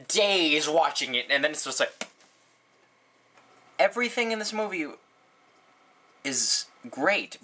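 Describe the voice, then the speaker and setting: A man giving a casual movie review, rambling and sarcastic, with lots of "like" and "um" fillers. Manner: rambling, full of "like" and "um", sarcastic asides; animated, frequent jumps in pitch.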